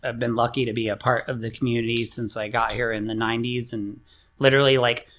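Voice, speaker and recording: A middle-aged man, a guest co-owning a music venue, talking in a relaxed, halting way with many fillers, lively when telling stories. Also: mid-range voice. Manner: relaxed, halting, full of fillers, animated in anecdotes. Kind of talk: casual interview chat. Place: room by an open window on a busy street.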